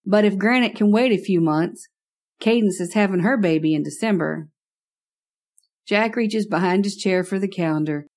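A woman's voice: medium pitch, moderate pace, darkish tone. A woman narrating a first-person horror story in a wry, conversational way.

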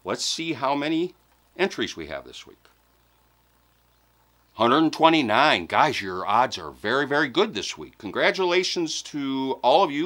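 A man's voice: medium pitch, big pitch swings, measured pace, a bit bright. Upbeat man hosting a giveaway vlog. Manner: playful, enthusiastic, jokey. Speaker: host of a fishing channel giveaway. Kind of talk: upbeat casual vlog address to viewers.

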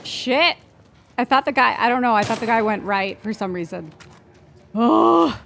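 A woman streamer reacting to a game, jumpy and excitable, often screaming, laughing and swearing. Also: a little high, a little slow, gravelly. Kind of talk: live gameplay reactions. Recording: game noise under the voice.

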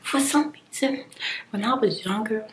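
A woman whispering a personal story in soft-spoken ASMR style while chewing gum, candid and heated. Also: a little high, a little slow, a little hiss or hum.

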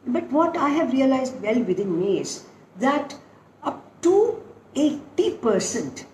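A woman's voice: sits high, slow. An older woman, a dance guru animatedly telling stories from her own training and acting out what her teachers said. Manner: animated storytelling, acting out quotes. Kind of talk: reminiscing interview. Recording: echoey room with faint noise.

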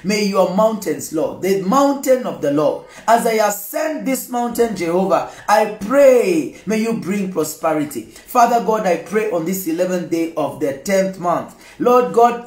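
Guy with a really high voice leading loud prayer, lots of repeats, echoey room, music behind. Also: lively intonation, a little slow, few pauses. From Kenya. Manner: repetitive, rising to shouts and speaking in tongues. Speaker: prayer leader. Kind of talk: fervent prayer session.

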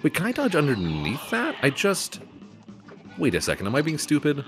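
A man's voice: fairly high pitch, huge pitch swings, moderate pace, soft background music. A man giving casual gameplay commentary, swearing often and joking at his own expense. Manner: swearing, self-mocking jokes. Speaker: let's play commentator.

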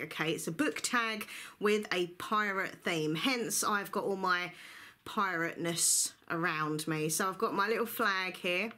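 A woman's voice: mid-range voice, pushed and bright. A woman chatting to camera about books in a bubbly, chatty way, with frequent laughter. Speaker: book vlogger. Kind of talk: casual chat to camera.

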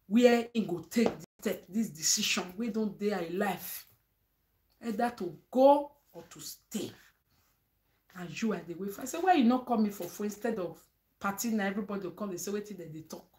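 Speaking in a dark-toned, mid-range voice with a Nigerian accent, this female vlogger lectures her audience directly with advice. Her delivery is forceful and sermon-like, mixing English and Pidgin and tossing in "eh?" to seek agreement.

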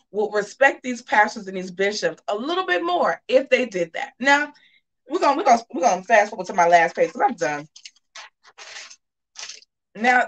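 Animated woman host of a live gossip stream, sassy and chatty, with a lively voice that swings up and down in pitch. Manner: animated, sassy, with drawn-out asides to viewers. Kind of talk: casual live commentary.

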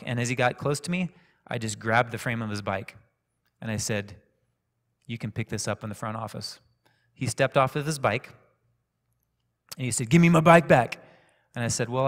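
A man preaches a sermon, calmly and conversationally telling a personal story in a middle-pitched voice. He speaks fairly quickly but pauses often, and the long reverb of a church sanctuary surrounds his voice.

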